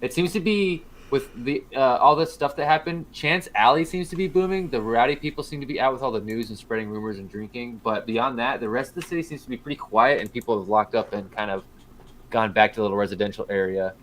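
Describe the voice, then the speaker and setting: Casual male game master, mid-pitched, meandering narration full of restarts. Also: fast, fairly bright tone, poor audio. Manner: loose, rambling narration with many fillers and restarts.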